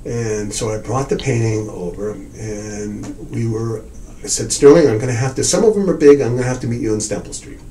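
An older male art dealer recounts his deals with lively energy, loudly acting out both sides of old arguments and cursing as he goes. His voice sits in an ordinary middle register. A faint hiss of ambient noise runs underneath. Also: medium pitch, normal speed, poor audio. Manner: animated storyteller, acts out quotes, swears. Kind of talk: oral history interview, storytelling.

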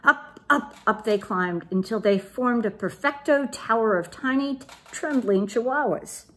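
A woman reading a children's picture book aloud in an animated, playful way. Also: a little high, a little slow. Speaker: children's storytime reader.

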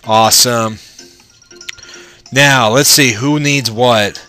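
A man's voice: medium pitch, steady tone, slow pace, pushed and bright, soft background music. A man giving casual, rambling, profane commentary while playing through a video game. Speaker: let's play gamer.

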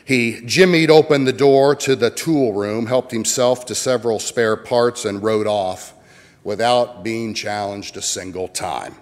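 A pastor from the American Midwest preaching a sermon, telling folksy stories with jokes. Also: male voice, on the low side, fairly even intonation, a little slow. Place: church sanctuary. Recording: long church reverb.

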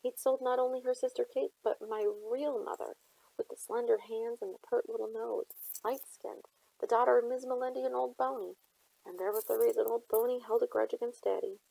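Husky-voiced woman reading a novel. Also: a little high, fairly even intonation, mellow, dry recording, low-quality recording. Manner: measured first-person storytelling. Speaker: audiobook reader.

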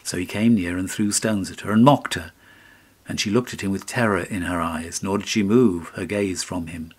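A man with a fairly low voice narrating a fairy tale in a measured, steady manner. Scripted audiobook reading with a clear storytelling pace.

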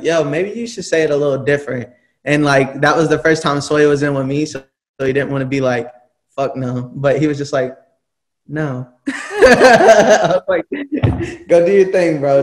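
A man's voice: fairly high pitch, steady tone, fairly quick. Laid-back rambling young man. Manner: laid-back, rambling, laughs often, many "like"s. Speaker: music producer and guest. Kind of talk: casual interview chat.

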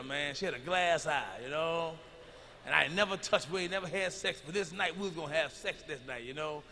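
A middle-aged man doing stand-up, telling profane stories loudly and swinging into shouts. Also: high-pitched, vocal fry, slight background noise. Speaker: stand-up comedian. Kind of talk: stand-up routine. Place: large arena stage. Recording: live concert recording with long hall reverb.

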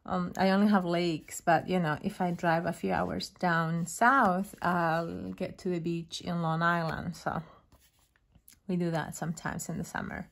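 A woman hosting her own craft channel, casually unboxing a gift and gushing over each item with soft, admiring remarks and frequent fillers. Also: on the low side, fairly even intonation, a little slow, vocal fry.

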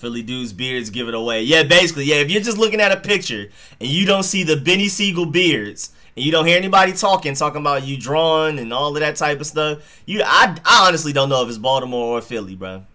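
A man's voice: on the high side, lively intonation, fast, hardly any pauses, bright, forceful tone. A young man hosting a live football stream, chatting casually in slang and reacting to plays and chat messages. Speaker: sports live-stream host.

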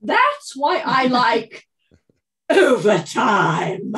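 A woman with a slightly high voice speaks slowly in a wry, understated way. She is a game voice actress chatting on a fan panel. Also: animated, a bit bright. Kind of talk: casual panel chat.

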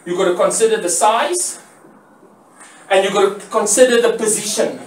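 A man's voice: sits high, moderate pace, slight background noise. A man teaching graphic design in a classroom lecture, explaining step by step, repeating key words and asking questions he then answers himself. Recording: roomy echo, voice from far off the mic.

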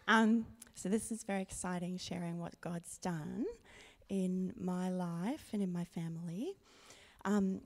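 A middle-aged woman giving an earnest, quiet personal testimony to a congregation on a handheld microphone in a church. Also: fairly low pitch. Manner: slow, earnest, quiet and intimate. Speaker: baptism candidate sharing testimony. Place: church sanctuary.

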